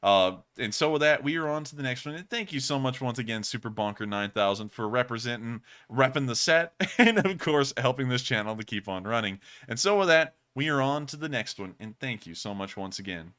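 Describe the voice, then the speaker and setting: A man's voice: medium pitch, lively intonation, a little fast, hardly any pauses, pushed and bright, clear, resonant tone. A young man hosting a casual livestream, thanking donors with laughter and rambling asides. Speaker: livestream host.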